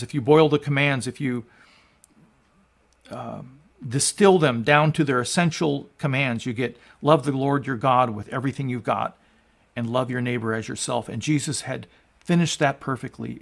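A man in his sixties, a pastor preaching, moving from quiet teaching to loud, fervent proclamation. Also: medium pitch, measured pace, creaky. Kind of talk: sermon.

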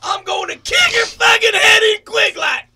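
A man voicing a crude, drunken male redneck advice-giver who rants in loud, vulgar bursts for a comedy call-in show. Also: very high voice, normal speed, a faint crowd, full character voice. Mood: rowdy ranting. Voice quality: gravelly shouting rasp. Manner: rowdy, boastful, vulgar rants.

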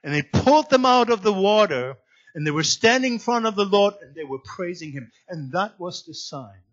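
A man preaching a sermon as guest pastor in a church, swinging between loud emphatic lines and quiet low asides. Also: animated, moderate pace, lo-fi sound. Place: church sanctuary.

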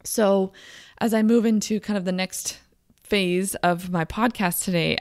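A young woman hosting a podcast, talking openly and emotionally about a personal struggle, with halting restarts. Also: medium pitch, steady tone, darkish tone, dry recording, studio quality. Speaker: podcast host and coach. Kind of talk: candid personal podcast monologue.

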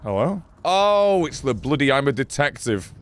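A man giving excitable, sarcastic commentary over his own gameplay, often swearing. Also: mid-range voice, normal speed, a little hiss or hum. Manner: excitable, sarcastic, swearing, frequent yelps and laughs. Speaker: gaming channel host.

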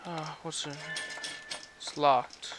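A man's voice: on the high side, fairly even intonation, takes it slowly, over loud music. Jumpy, swearing man playing a horror game. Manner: jumpy, swearing, yelps and shrieks in panic. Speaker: let's play gamer.

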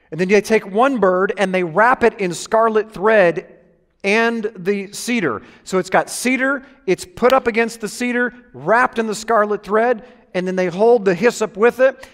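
A man preaching a sermon to a congregation, joking with them and drawing amens and laughter. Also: sits high. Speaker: pastor. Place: church hall with congregation. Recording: echoey hall reverb.

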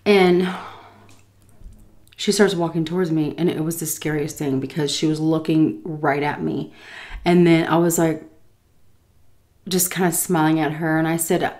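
An American woman in her thirties, a food vlogger, casually tells an animated story while eating, frequently laughing and doing voices. Her voice is low and a little slow, with frequent pauses.

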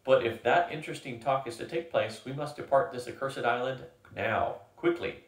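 A man's voice: medium pitch, moderate pace, close to an everyday voice. A man reading aloud, voicing a dignified male noble who speaks in a formal, courtly way. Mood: urgent. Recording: echoey room, from a distance.

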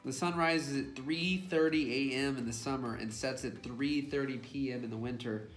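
A man's voice: medium pitch, steady tone, normal speed. A man co-hosting a casual snack unboxing, reading product blurbs and fun facts aloud. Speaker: co-host. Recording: echoey room with music.

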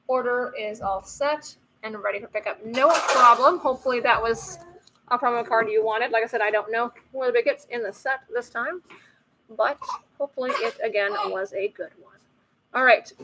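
A woman's voice: fairly high pitch, moderate pace. A woman hosting a live card-opening stream from home, chatty and apologetic, often breaking off to soothe a baby. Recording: loud background noise with a crying baby.

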